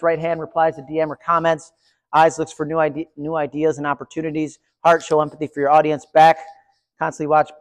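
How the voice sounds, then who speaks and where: A man giving a live conference session, chatty and energetic, talking to his audience. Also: a little high. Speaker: conference presenter. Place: large conference room. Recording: reverberant hall.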